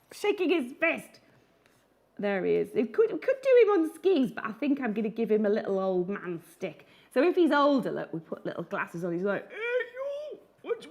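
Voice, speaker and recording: A woman who illustrates children's books, giving a chatty, playful live drawing tutorial and laughing often. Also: mid-range voice.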